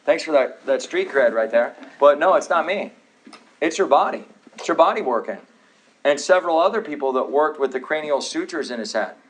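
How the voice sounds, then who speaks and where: A man's voice: on the high side, fairly bright tone, a little hiss or hum, low-quality recording. A man in his thirties teaching a live health class, talking to the room with joking, sarcastic asides and questions to the audience. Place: office classroom.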